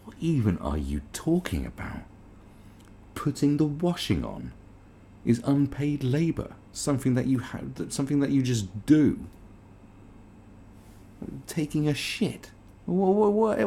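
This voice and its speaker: A man's voice: a little high, sing-song, moderate pace, vocal fry, mellow, a little hiss or hum. A British man ranting in disbelief as he reads and reacts to an article, swearing often. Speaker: commentary host. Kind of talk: reaction commentary.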